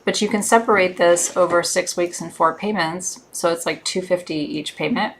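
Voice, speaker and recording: A woman's voice: on the low side, moderate pace, slight background noise. A woman hosting a live crystal shopping show, chatting in a gushing way with many fillers. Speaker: host selling crystals.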